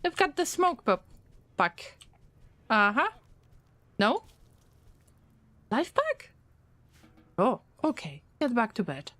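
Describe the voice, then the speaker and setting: A woman streamer giving gameplay commentary, fretting out loud and talking straight to her colonists as if they could hear her. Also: fairly high pitch, very animated, takes it slowly, long pauses, no room sound. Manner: frets aloud and talks to her colonists. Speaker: game streamer.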